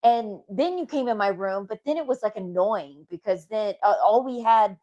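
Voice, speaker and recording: A woman's voice: mid-range voice, normal speed, mellow, muffled recording. A middle-aged woman co-hosting a casual live chat about a reality show, trading teasing, playful banter. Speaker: co-host of a reality TV podcast.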